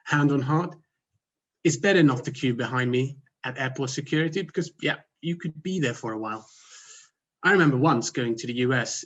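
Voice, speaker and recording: Man, Swedish accent, husky, dry self-mocking humor, comedy contest speech, video call. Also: mid-range voice, dull audio. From Sweden. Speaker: contest speaker.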